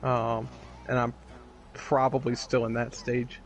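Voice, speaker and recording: A man's voice: mid-range voice, level tone, measured pace. A young man, likely the game master, chatting casually and jokingly with fellow tabletop players, full of fillers.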